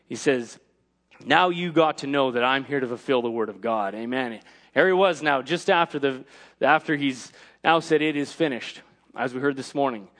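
A man preaching a sermon, punctuating his lines with "Amen" and rising to shouted emphasis. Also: medium pitch, moderate pace.

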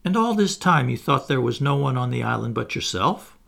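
A man voicing a commanding young lady, high. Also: big pitch swings, moderate pace, gravelly, a bit bright, exaggerated voice. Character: proud, sharp young aristocratic lady.

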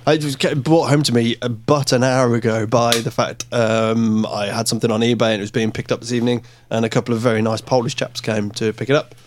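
A man's voice: mid-range voice, level tone, a little fast, hardly any pauses, slight background noise. A man hosts a casual podcast chat. He talks in a jokey, chatty way and swears freely. His voice sits in a middle range.

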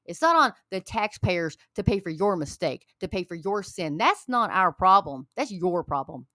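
A woman's voice: on the low side, big pitch swings, normal speed, sharp tone, no echo, studio quality. A woman giving a heated, preachy rant to her viewers. She repeats her points over and over and speaks in an angry tone.

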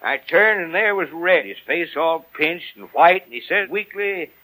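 A man's voice: fairly high pitch, lively intonation, normal speed, noisy background, natural voice. An actor in his fifties playing a fond, long-winded family father who tells old stories in a 1940s radio play. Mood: storytelling. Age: 50s. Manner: folksy storyteller.

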